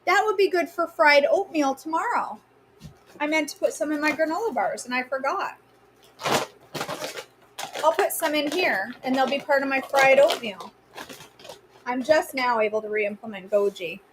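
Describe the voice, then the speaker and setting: A woman with a Maine accent talks as she cooks on a live stream in her home kitchen. Her voice sits a little high, and there is a faint hum behind her. She keeps up a chatty, teasing patter and calls viewers by name. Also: moderate pace, long pauses. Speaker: host of a live cooking stream. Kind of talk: casual live-stream chat.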